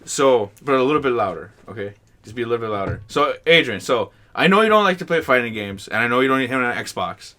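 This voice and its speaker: A man hosting a casual gaming chat among friends, loud and joking, often cutting in. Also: mid-range voice, animated, fast. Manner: loud, joking, interrupts a lot. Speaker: podcast host.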